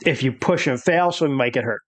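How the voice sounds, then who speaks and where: A man running a tabletop horror game as game master, explaining rules with many pauses and fillers. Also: medium pitch.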